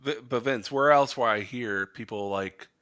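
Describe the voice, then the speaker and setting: A man co-hosting a casual sports podcast, animated and joking, who swears casually. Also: mid-range voice, moderate pace. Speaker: podcast co-host.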